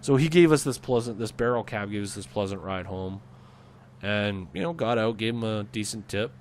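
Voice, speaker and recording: A man's voice: on the low side, normal speed, a little hiss or hum. A man casually telling a personal story over game footage, rambling with fillers and acting out the people he quotes. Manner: rambling, animated retelling with fillers and acted-out quotes. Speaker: gaming video storyteller. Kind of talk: casual spoken anecdote. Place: at home, voice-over on gameplay.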